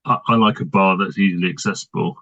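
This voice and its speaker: A man's voice: sits low, quick pace, a bit bright, no echo, lo-fi sound. A man with an English Midlands accent co-hosting a casual podcast, speaking in a dry, hesitant way. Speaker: podcast co-host. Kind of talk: casual chat.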